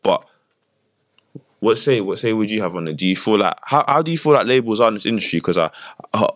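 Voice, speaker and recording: A man's voice: fairly low pitch, lively intonation, fast. A man hosting a podcast, chatty and slangy, asking loose rambling questions. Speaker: podcast host. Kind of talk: casual podcast chat.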